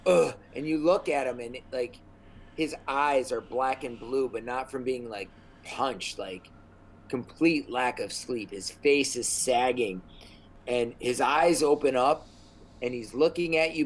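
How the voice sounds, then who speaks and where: A man's voice: mid-range voice, unhurried, low-quality recording. A man narrating a tabletop game as game master, rambling with many fillers. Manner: rambling, many ums and likes.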